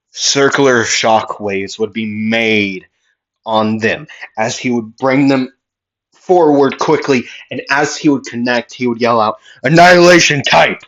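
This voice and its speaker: A man's voice: medium pitch, dull audio. A man improvising a fan story aloud, rambling with many fillers and restarts.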